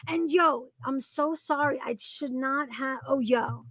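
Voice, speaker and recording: A woman's voice: sits high, a little slow, few pauses, fairly bright tone, no room sound. A woman hosting a stream, ranting in a heated, profane commentary. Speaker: stream host.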